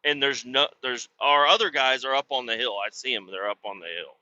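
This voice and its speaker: A man's voice: mid-range voice, a little fast, sharp tone, muffled recording. A man hosting a podcast, telling a rambling, crude story in casual chat with lots of swearing. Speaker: podcast host.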